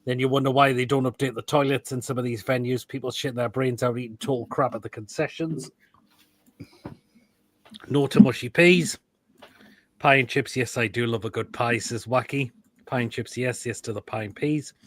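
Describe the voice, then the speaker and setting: A man with a steady, medium-pitched voice hosts a live football stream at a moderate pace. He reacts to food pictures and reads comments with crude, blunt quips and sudden loud outbursts.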